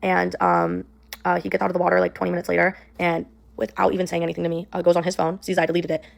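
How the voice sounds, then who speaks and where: A woman's voice: lowish voice, flat delivery, racing, gravelly. A young woman telling a personal story in a casual, rambling way, full of "like" and "um". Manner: rambling, heavy use of "like" and "um". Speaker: storyteller in a played clip.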